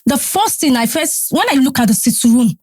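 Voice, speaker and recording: A woman with a Nigerian accent, a podcast guest telling a story in animated casual talk, slipping into Pidgin and Yoruba. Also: high voice, fairly quick, no echo, clean studio sound. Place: podcast studio.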